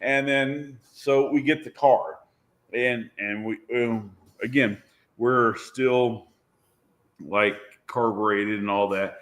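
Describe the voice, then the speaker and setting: A man's voice: mid-range voice, fairly even intonation, slow pace, fairly bright tone. A man, a drag racer and guest, telling a story about his car in a loose, self-deprecating way, laughing and swearing as he goes. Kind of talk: casual storytelling.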